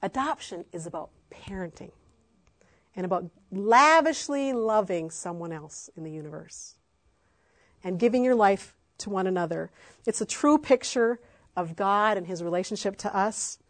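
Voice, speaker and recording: A woman's voice: mid-range voice, expressive, moderate pace. A middle-aged woman, an adoptive mother, speaking with passion and emphasis in a faith-based talk to parents, with frequent fillers.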